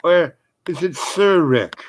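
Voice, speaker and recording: A man's voice: fairly high pitch, slow pace, pitched above the performer's own voice. A man voicing a sly older German doctor with a German accent, mock-formal and teasing.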